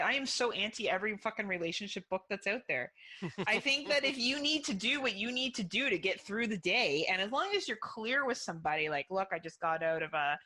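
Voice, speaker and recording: A young woman co-hosting a casual podcast chat, blunt and a little profane, her voice swinging up and down with lots of life. She sounds bright and forward, and she laughs easily between her points. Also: fairly high pitch. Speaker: podcast co-host.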